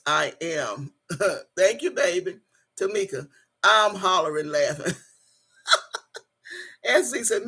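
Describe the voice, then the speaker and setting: A woman with a lowish, slightly bright voice and a breathy edge hosts a casual livestream as the channel host. She reads viewer comments out loud, laughs a lot, calls everyone "y'all," and keeps urging them to like and subscribe.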